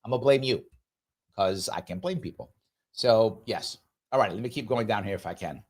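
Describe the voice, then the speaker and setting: A man hosting a live talk show, giving opinion commentary in an emphatic, preachy way with big jumps in pitch. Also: moderate pace. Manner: animated, sweeping pitch jumps.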